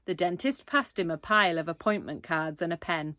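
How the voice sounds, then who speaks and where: A woman's voice: fairly low pitch, a little fast, sharp tone, dry recording, clean studio sound. A woman reading a children's book aloud expressively, with asides to young listeners. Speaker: reader.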